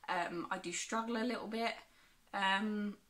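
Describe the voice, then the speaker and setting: A woman's voice: medium pitch, steady tone, a little slow, fairly bright tone. Chatty young woman reviewing books. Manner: chatty, frequent ums, self-deprecating. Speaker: book vlogger. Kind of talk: casual book review chat.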